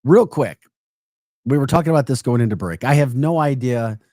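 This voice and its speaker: A man's voice: medium pitch, a little fast, no room sound, studio quality. A male morning radio host with a St. Louis Midwestern accent, chatting and joking casually on air. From St. Louis, Missouri. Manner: chatty, joking, animated asides. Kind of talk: casual radio show banter.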